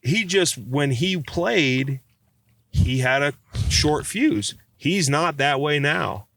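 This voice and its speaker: Animated, swearing man telling stories. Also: on the high side, takes it slowly. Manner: animated, swearing, acts out quotes. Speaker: podcast guest. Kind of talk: casual storytelling chat.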